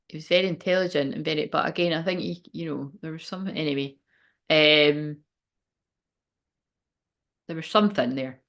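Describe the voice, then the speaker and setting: A woman's voice: on the low side, fairly bright tone. Rambling woman swearing on a livestream. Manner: rambling, swears freely, self-interrupting. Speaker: spiritual channel host. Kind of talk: casual livestream chat.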